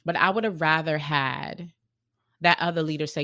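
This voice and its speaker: An earnest podcast host talks through ideas on leadership in a reflective monologue, often circling back and restarting phrases. The voice carries a gravelly, fry-tinged edge. The sound is close and dry, with no room around it. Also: mid-range voice, normal speed, bright, forceful tone, no room sound.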